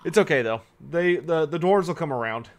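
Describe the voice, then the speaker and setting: A man's voice: a little high, expressive, fairly quick, a little hiss or hum. A man streaming a strategy game live, chatting casually, answering viewers' questions and sounding tired. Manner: chatty, answers chat questions, swears when annoyed. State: tired, yawning. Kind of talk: casual live-stream commentary while playing.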